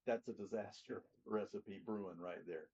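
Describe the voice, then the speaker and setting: A man's voice: lowish voice, steady tone, normal speed, mellow, slight background noise. A middle-aged man teaching a church class in a plainspoken way, putting questions to the group. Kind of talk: interactive teaching talk. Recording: dull lo-fi recording.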